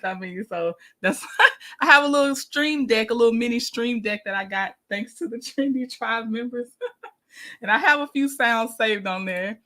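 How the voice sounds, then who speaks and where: A woman's voice: a little high, normal speed, pushed and bright. A woman hosting a casual livestream, greeting viewers by name and laughing often. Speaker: livestream host.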